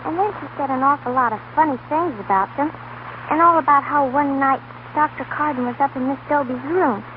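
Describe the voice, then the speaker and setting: A woman playing a shrill frightened schoolgirl, 1930s radio play. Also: fairly quick, narrow, tinny audio, natural voice. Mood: sly. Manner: pleading, stammering. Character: frightened scheming schoolgirl, young and tearful. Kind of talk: 1930s radio drama acting. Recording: scratchy 1930s radio broadcast, hissy.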